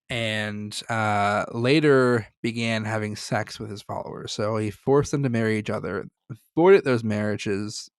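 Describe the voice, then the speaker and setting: A man's voice: mid-range voice, no room sound, studio quality. A man co-hosting a podcast in casual chat, joking and swearing freely as he reads through a story. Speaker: podcast co-host.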